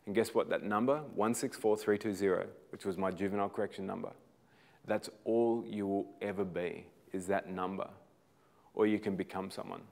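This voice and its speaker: Earnest Australian man, fairly low voice. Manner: earnest, storytelling, restarts words while building to emphatic points. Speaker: motivational speaker. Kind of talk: inspirational talk.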